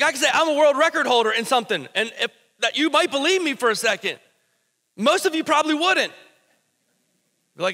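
A man's voice: sits high, bright, forceful tone, big-room sound. A pastor preaching a sermon in a church, talking conversationally and asking his congregation questions, then building to emphatic bursts. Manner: rises to emphatic, urgent bursts. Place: church sanctuary before a congregation.

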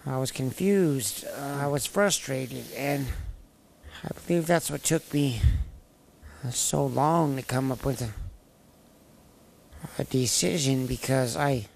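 Slow, gravelly-voiced man telling his story. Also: mid-range voice, slight background noise. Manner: plainspoken storyteller with wry humor, halting restarts. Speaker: interviewee sharing his personal story. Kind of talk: candid personal testimony.

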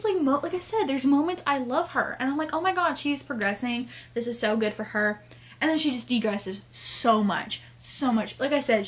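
A woman book vlogger ranting casually in an exasperated way, fast, with lots of fillers. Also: a little high. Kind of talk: casual reading vlog.

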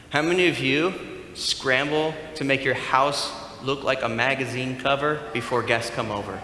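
Man, pastor, sermon, animated, acts out dialogue, long church reverb, faint ambience. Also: mid-range voice, normal speed, a little hiss or hum. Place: church sanctuary. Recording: echoey hall with faint room ambience.

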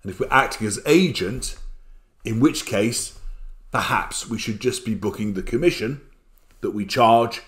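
Older male tutor, lowish voice, chatty lecture delivery with tag questions. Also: a little slow. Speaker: accountancy exam tutor. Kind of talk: recorded revision lecture.

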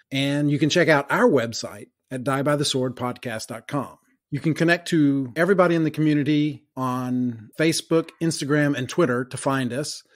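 A man hosting a tabletop game podcast, reading the intro and then telling stories in casual chat, laughing often. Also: medium pitch. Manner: chatty storyteller, laughs often. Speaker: podcast host.

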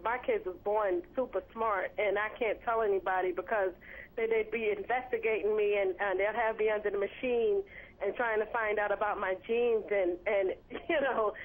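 A woman calling in to a radio show, rambling and repeating herself with many fillers. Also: medium pitch. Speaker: caller. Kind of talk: call-in radio talk. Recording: phone line on radio.

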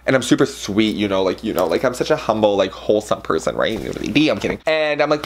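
Fast-talking excited young man storytelling. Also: on the low side. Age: 20s. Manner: animated, rambling, with playful slang and swearing. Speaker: vlogger.

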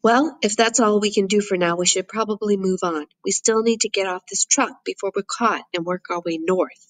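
A woman's voice: mid-range voice, moderate pace, natural voice. A woman voicing a boy who looks after his little brother, earnest and urgent when pressing. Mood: explaining. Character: young African boy, protective older brother.

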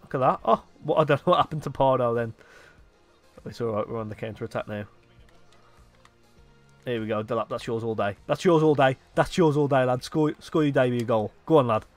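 An excitable young Englishman talks his way through a football video game match he is playing, muttering at one moment and yelling the next. His voice sits at an ordinary middle pitch. Faint music plays quietly behind him. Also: a little fast, long pauses. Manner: excitable, swings between muttering and loud outbursts. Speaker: gaming YouTuber. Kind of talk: live gameplay commentary.

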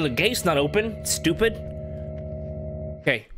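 A man commentating on a horror game, jumpy and talking to himself, yelping at scares. His voice sits fairly high. Game music plays clearly underneath. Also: expressive, normal speed, long pauses. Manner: jumpy, talks to himself, yelps. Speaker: gameplay commentator.

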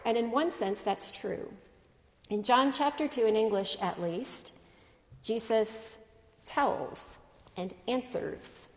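A woman pastor preaches a sermon in a measured, deliberate way, often asking rhetorical questions. Her voice sits a little high and moves unhurriedly. The sound carries a long reverb from an echoey church.

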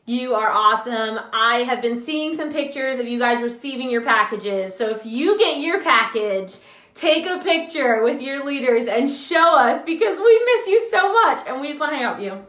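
A woman's voice: high-pitched, lively intonation, moderate pace, fairly bright tone, echoey room. A woman hosting a live children's show, telling a story in an enthusiastic, sing-song way. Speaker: children's ministry host.

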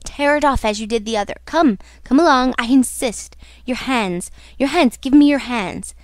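A woman's voice: on the high side, moderate pace, a little mellow, no echo, close to an everyday voice. A woman reading an audiobook and voicing a disfigured, tormented man who swings between mocking taunts and anguished cries. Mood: raging. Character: disfigured tormented man, raging and self-pitying.

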